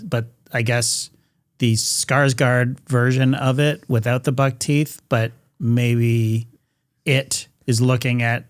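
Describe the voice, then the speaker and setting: A man's voice: medium pitch, clean tone. A man co-hosting a casual TV review chat, wry and sarcastic, stretching out words for emphasis. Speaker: podcast co-host.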